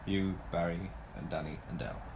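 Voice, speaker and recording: A man co-hosting a podcast, blunt and deadpan in casual chat. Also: deep voice, moderate pace, vocal fry, noisy background. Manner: dry, blunt, deadpan put-downs. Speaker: podcast co-host. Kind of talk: casual chat about fantasy sports.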